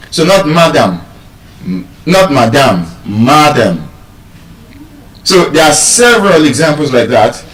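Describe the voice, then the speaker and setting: Nigerian man teaching, questioning his audience. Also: medium pitch. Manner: animated, asks the audience questions. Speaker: English pronunciation tutor. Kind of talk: live pronunciation class. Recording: echoey room, mic at a distance.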